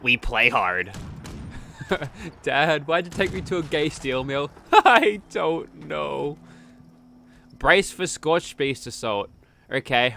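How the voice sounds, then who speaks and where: Bright-voiced man joking over gameplay. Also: medium pitch, gravelly. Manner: crude, joking banter. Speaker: streamer. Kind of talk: casual gaming commentary.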